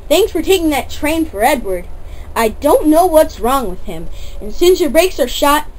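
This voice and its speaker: A woman's voice: sits high, sing-song, moderate pace, a little mellow, rough recording. A woman voicing a stern, portly male railway boss in a toy-train story, bossy and fussing.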